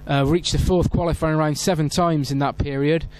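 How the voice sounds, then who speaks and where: A man commentating on a football match for club radio, filling gaps with "uh" and climbing high at penalties and saves. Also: steady tone, normal speed, a little mellow. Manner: reads team sheets with many fillers, rises sharply at big moments. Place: outdoor football stadium.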